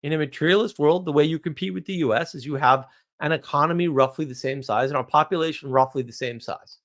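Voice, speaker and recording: A man hosting a live stream monologue, blunt and ranting, asking rhetorical questions and answering them himself. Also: fast talker. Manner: blunt, ranting, animated pitch swings.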